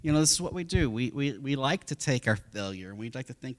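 A man's voice: medium pitch, lively intonation, fast, few pauses. A middle-aged man, a pastor, preaching a sermon through family stories, acting out what people say. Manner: storytelling, acts out quotes, repeats words.

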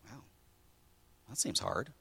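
A pastor delivers a sermon at a slow pace, telling stories in a lively way that swings between loud and quiet.

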